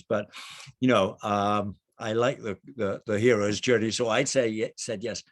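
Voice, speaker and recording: A middle-aged man giving a storytelling presentation over a video call from a narrowboat kitchen, animated, with frequent restarts. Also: mid-range voice, normal speed. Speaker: speaker.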